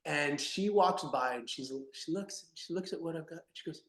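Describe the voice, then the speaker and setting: A man talking as a guest in an interview, animated and emphatic, swinging between loud bursts and soft asides. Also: on the high side, normal speed, echoey room. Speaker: podcast guest, company founder. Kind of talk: energetic interview talk.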